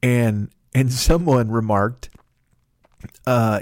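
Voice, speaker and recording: A man's voice: medium pitch, lively intonation, brisk, a little mellow, no echo, studio quality. A man in his fifties hosting a solo podcast, telling rambling, profane, self-mocking comic stories in casual chat. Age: 50s. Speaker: podcast host.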